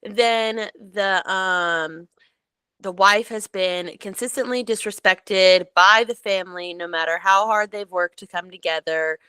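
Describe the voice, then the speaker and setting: A woman co-hosting a podcast, recounting a story in casual chat, animated and full of "like" and "um". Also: medium pitch, a little slow, smooth, dry recording. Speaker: podcast co-host.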